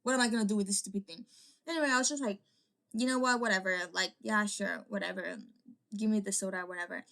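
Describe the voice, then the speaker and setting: A woman's voice: medium pitch, steady tone, fast talker, vocal fry, a bit bright. A young woman vlogger telling a personal story in a casual, rambling way, full of "like" fillers and restarts.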